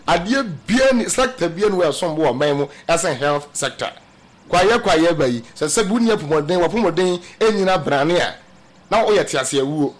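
A man giving emphatic political commentary in radio-style talk, mixing English phrases into his speech and addressing listeners as family. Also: high-pitched.

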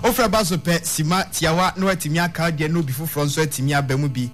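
Radio host guy running a call-in show, short okays between callers, slightly high voice. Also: fast, soft background music. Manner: brief acknowledgements and formulaic call invitations. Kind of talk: radio phone-in hosting.

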